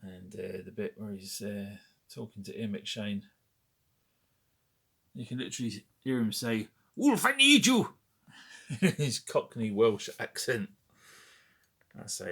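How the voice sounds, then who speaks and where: A man's voice: lowish voice, flat delivery, a little slow, gravelly, husky. A man in his forties from Britain, chatting casually and wryly about his film memorabilia, rambling and correcting himself as he goes. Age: 40s. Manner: rambling, self-correcting, wry. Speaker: collector showing memorabilia. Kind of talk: casual chat.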